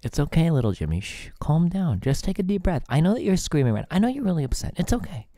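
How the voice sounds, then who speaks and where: A man voicing an overly soothing, patronizing male boss, talking in a slow, cooing, sing-song way. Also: on the high side, sing-song, warm tone, dry recording. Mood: syrupy, patronizing.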